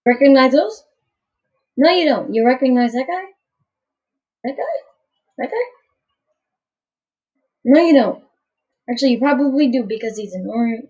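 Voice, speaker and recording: A woman's voice: on the high side, a little mellow, lo-fi sound. A woman giving casual, goofy gameplay commentary, rambling and tripping over her words.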